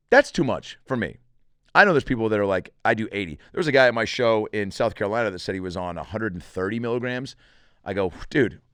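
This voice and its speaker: Deep-voiced man telling a wild story. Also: clean tone, no echo. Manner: animated, profane storytelling with acted-out quotes. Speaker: comedian podcast host. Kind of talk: casual storytelling.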